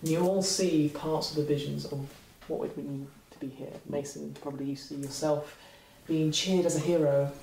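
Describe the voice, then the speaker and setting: Woman, game master, halting narration, gravelly, distant, echoey room. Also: low voice, steady tone, dark tone, a little hiss or hum. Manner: halting, searching for words, many fillers. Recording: echoey room, far from mic.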